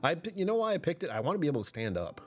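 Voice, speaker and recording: A man's voice: a little high, big pitch swings, racing, slightly rough, soft background music. A man chatting casually on a livestream, rambling and correcting himself, often laughing mid-sentence.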